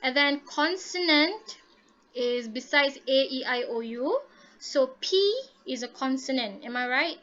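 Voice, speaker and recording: High-voiced teacher, lo-fi. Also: female voice, expressive, measured pace, a bit bright. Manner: patient, repeats and checks understanding with "okay?". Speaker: English teacher. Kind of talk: online classroom lesson. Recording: dull lo-fi audio.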